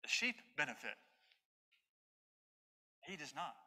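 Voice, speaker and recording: A man's voice: a little high, very animated, slow pace, pushed and bright. A man preaching an expository sermon as pastor, stressing his points through repetition. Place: church sanctuary. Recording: long hall reverb.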